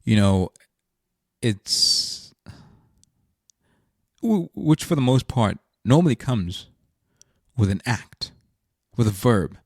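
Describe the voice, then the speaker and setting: A man's voice: medium pitch, expressive, slow pace, long pauses, no echo, studio quality. A man hosting a podcast, talking earnestly about faith and thinking aloud as he goes. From South Africa. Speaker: podcast host. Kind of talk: reflective faith monologue.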